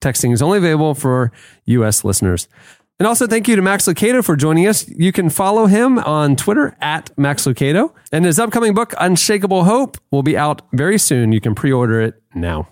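A man's voice: a little high, big pitch swings, brisk, no room sound, studio quality. A man hosting a podcast in casual chat, reading sponsors and wrapping up the show in an upbeat way. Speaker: podcast host.

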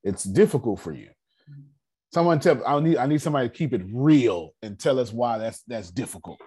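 A man hosting a casual personal finance class on a video call, slangy and animated, talking straight to his group. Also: mid-range voice, brisk, slightly rough.

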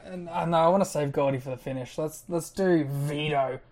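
A man's voice: on the high side, fairly quick, darkish tone. A man co-hosting a casual podcast, dropping wry, joking asides. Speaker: podcast co-host.

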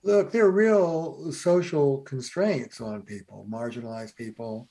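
A man's voice: medium pitch, measured pace, vocal fry. A man, a family therapist, telling stories in a podcast conversation, with lots of "uh" fillers. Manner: animated storyteller, many fillers.

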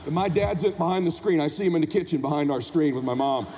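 A man telling a story onstage at a convention, animated and emphatic, acting out the people in it. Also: on the high side, fast, slight background noise. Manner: animated, emphatic, acts out characters. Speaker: motivational speaker. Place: large convention hall. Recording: hall reverb with faint ambience.

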